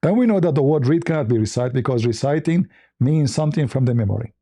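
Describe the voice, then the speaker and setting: A man's voice: mid-range voice, animated, fast, warm tone, no echo. A man hosting a call-in livestream, arguing insistently with a caller and mocking the other side's points. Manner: mocking, insistent, laughs at his own points. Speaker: livestream host debating a caller. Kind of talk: argumentative livestream call-in debate.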